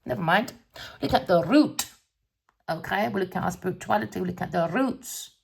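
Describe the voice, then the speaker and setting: A woman runs a tarot reading monologue with a gravelly, fry-laden voice and a husky grain. She swings between sing-song teasing and blunt cussing, calling listeners darling and my lovely as she goes. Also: fairly low pitch, lively intonation, brisk, a little mellow. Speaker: tarot reader.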